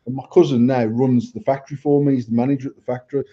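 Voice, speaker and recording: A man's voice: mid-range voice, fairly even intonation, rapid-fire, dull audio. A British man, a podcast co-host, telling a blunt, sweary story in casual chat. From England.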